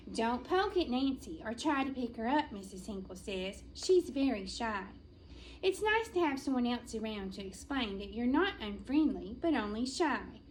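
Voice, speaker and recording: A woman reading a children's chapter book aloud as a school librarian, in a gentle storytelling manner with playful drawn-out pauses, in an elementary school library. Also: fairly high pitch, slight background noise, low-quality recording.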